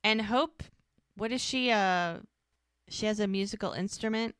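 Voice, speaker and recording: A woman co-hosting a podcast in casual chat, recapping a TV episode with animated storytelling. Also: mid-range voice, measured pace, clear, resonant tone, dry recording, clean studio sound. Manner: animated storytelling, often acts out dialogue. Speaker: podcast co-host.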